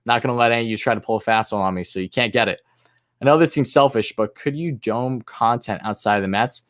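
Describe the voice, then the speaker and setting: A man's voice: medium pitch, fast talker. Man calling plays like an announcer. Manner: announcer-like calls between chatty, hesitant answers. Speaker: livestream host and fan commentator. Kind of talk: live play-by-play mixed with casual chat.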